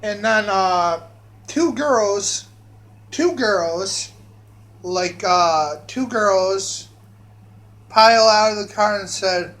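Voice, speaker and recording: High-voiced, slow-talking man rambling. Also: a bit bright. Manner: repetitive, restarts phrases often. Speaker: storyteller. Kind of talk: rambling spoken monologue.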